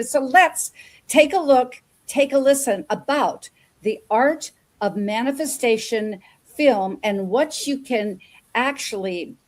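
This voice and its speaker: A woman hosts a talk show with a slightly high voice. She gushes and rambles, doubling back on words as she chats with her guest. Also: a little mellow. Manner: effusive, repeats words, rambling asides. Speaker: show host. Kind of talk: enthusiastic interview chat.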